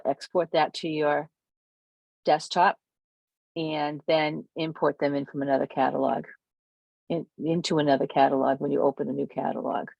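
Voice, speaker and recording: Workshop presenter, casual walkthrough, mid pitch with some vocal fry, self-correcting as they demo. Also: darkish tone, no room sound, dull audio. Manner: thinks aloud, self-correcting while demonstrating. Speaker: camera club workshop presenter.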